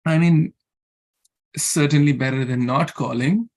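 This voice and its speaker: A man's voice: fairly high pitch, unhurried, a little mellow. A man giving an earnest sermon, repeating himself and asking his listeners questions, with chants and Sanskrit verses mixed in. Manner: earnest, repetitive, asks rhetorical questions. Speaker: scripture class speaker.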